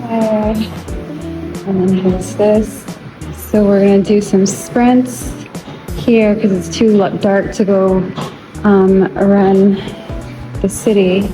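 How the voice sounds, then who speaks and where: A woman's voice: mid-range voice, level tone, slow, long pauses. A young woman chatting casually in a vlog, rambling with lots of fillers while she cooks at home and then shows a gym. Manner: rambling, filler-heavy, laid-back. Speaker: lifestyle vlogger. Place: apartment kitchen, then a gym. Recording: roomy, distant camera audio with music.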